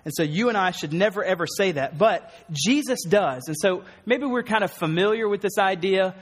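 A man's voice: sits high, animated, moderate pace, in a large hall. A man preaching a sermon, earnest and emphatic, with some wry asides. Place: church hall.

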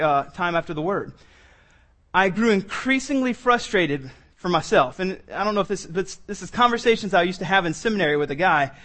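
A man in his forties preaching a sermon, telling a personal story with animated delivery that climbs into shouts. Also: sits high. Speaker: pastor.

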